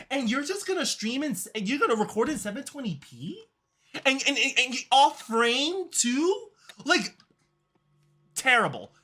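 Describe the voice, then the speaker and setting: A game streamer ranting casually late at night, exasperated and animated, repeating "like" and whole phrases. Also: medium pitch. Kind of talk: casual late-night rant while gaming.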